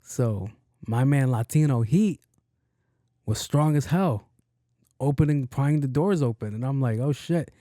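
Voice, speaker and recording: The recording is studio quality with no room sound: a podcast host, medium in pitch, recounts a story at a measured pace with long pauses. His manner is animated and profane, and he voices the other people's lines himself.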